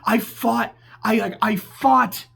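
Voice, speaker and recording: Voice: medium pitch, steady tone, takes it slowly, creaky, fairly bright tone, breathy edge, heavily acted. A game reviewer voicing an imagined disillusioned war hero who vows to start a revolution again, in an earnest, solemn tone.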